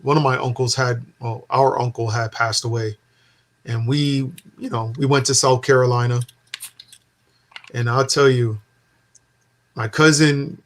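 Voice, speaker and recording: A man in casual conversation, telling an animated story and acting out the dialogue. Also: medium pitch, unhurried, pauses often. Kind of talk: casual chat.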